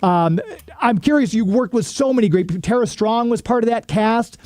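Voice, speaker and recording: Mellow high-voiced male host. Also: moderate pace. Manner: conversational, easygoing questions. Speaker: radio show host. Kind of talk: interview hosting.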